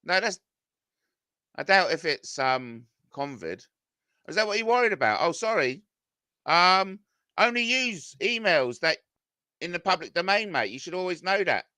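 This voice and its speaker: A middle-aged man reads viewer comments aloud and argues back at them, swearing and getting worked up. His voice sits a touch high and sounds sharp and bright. It is recorded close and completely dry. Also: lively intonation, a little slow, pauses often, no room sound. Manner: agitated, swearing, voice climbs when confronted. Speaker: YouTuber reading comments. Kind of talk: ranting reaction to viewer comments.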